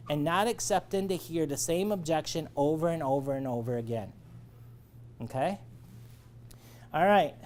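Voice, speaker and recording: A man's voice: high-pitched, darkish tone, a little hiss or hum. A man leading a sales training lecture, coaching and checking in often with his listeners. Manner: coaching, checks in with "all right?".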